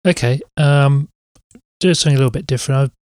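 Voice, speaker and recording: A sleepy, yawning man co-hosting a podcast, talking in halting, trailing sentences. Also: medium pitch, darkish tone, no echo, studio quality. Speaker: podcast co-host. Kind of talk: casual chat.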